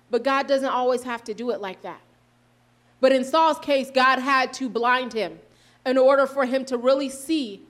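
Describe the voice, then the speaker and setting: A woman giving a sermon, reading scripture aloud and explaining it earnestly, slowing down for emphasis and correcting herself now and then. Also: high voice, fairly bright tone. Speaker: preacher.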